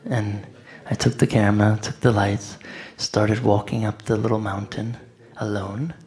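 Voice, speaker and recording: A man with a gravelly, creaky voice tells a story in a loose, conversational way. He is animated, acting out what others said with filler words in between. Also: fairly low pitch, measured pace. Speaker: devotee speaker. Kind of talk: anecdotal storytelling talk.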